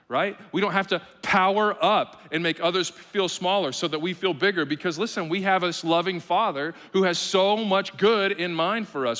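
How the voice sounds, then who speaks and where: A man in his thirties preaching a sermon, talking conversationally and swinging from quiet to loud and emphatic, with repeated phrases and frequent "right?" asides. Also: mid-range voice. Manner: repeats phrases in quick lists with tag questions like "right?". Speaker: pastor. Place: church auditorium. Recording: long reverb of a church hall.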